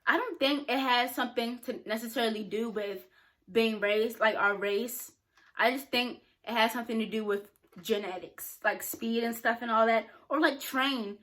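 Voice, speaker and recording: A woman's voice: fairly high pitch, normal speed, a bit bright. A young woman talking frankly and casually to camera, answering questions with plenty of filler words. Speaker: YouTuber.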